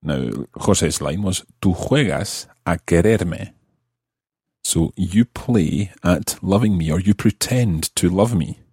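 Man podcast teacher, deep and husky, patient and methodical with his examples. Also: darkish tone, no echo, studio quality. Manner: slow, careful explanations, repeating example phrases. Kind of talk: explaining Spanish grammar.

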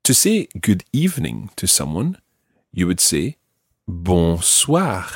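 A Scottish man teaching a language lesson, slowly modelling French words for a learner to repeat. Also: fairly low pitch, huge pitch swings, husky, dry recording, studio quality. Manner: slow, careful modelling of French words for repetition.

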